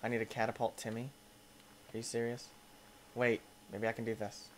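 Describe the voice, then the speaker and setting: A man giving excitable let's play commentary, yelping and squealing as things go wrong and talking to the characters on screen. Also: medium pitch, fairly quick, a little hiss or hum. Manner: playful, talks to the game characters. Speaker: gaming YouTuber.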